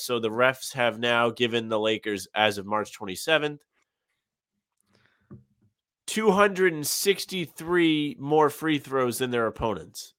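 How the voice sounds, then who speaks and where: A man co-hosting a sports podcast in easy chat, dropping dry, sarcastic jabs. His voice is bright and forceful. The sound is dry and close, with no room around it. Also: medium pitch, unhurried, smooth, no echo. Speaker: podcast co-host. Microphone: remote call, muted at times.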